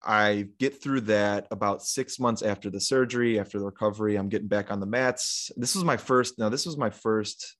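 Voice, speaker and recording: A young man talking casually as a podcast guest, telling a long story in a relaxed, rambling way full of fillers and retold quotes. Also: on the low side, normal speed, few pauses.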